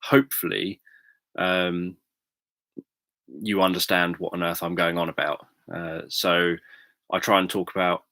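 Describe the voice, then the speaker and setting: A British man speaks in a very deep, bright voice. He explains things calmly to his livestream viewers with little rise and fall, pausing often with ums. The sound is close and dry. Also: no echo. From Britain. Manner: calm, measured, thoughtful explaining with frequent ums. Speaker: livestream host, sleep story narrator. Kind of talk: casual livestream chat.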